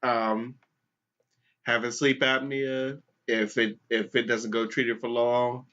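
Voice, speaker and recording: Speaking slowly in a medium-pitched voice, this man co-hosts a podcast and recounts a story full of swearing, doing lively impressions of the people involved. The audio has a dull, lo-fi quality.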